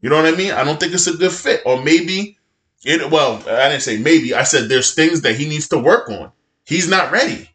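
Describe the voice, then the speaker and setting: A man's voice: on the high side, animated, normal speed, a bit bright, echoey room. Blunt laid-back man in his thirties. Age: 30s. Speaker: podcast co-host. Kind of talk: casual chat.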